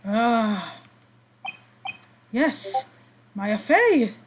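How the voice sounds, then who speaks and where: A woman's voice: fairly high pitch, sing-song, drawn-out words, noisy background, voice pushed down, exaggerated voice. A woman with an Israeli accent voicing a pompous, blustering older male lawyer from a game. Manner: blustering, evasive and grand.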